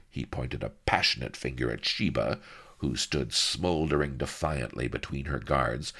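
A man's voice: a bass voice, measured pace, pushed and bright, husky. A man narrating a comic adventure story in a wry, theatrical style.

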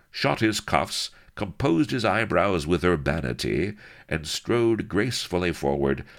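Deep, gravelly comic storyteller man. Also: fairly bright tone. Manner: wry, theatrical, chatty asides. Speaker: narrator. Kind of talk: comic audiobook narration.

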